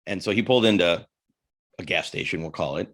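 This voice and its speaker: A podcast co-host with a low-sitting, slightly bright voice talks fairly quickly. In casual storytelling chat, he tells a crude, rambling anecdote, interrupting himself and restarting many times.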